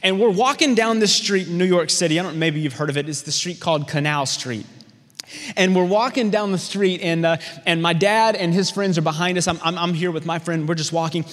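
A man preaching a sermon, who tells stories with lively acted-out voices. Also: sits high, a little fast, big-room sound. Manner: storytelling, animated voices in anecdotes. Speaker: pastor.

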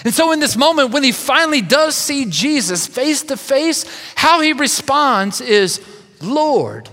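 A pastor preaching a sermon, reading scripture expressively and voicing the quoted speakers. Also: male voice, extremely high pitch, expressive, unhurried, sharp tone, big-room sound.

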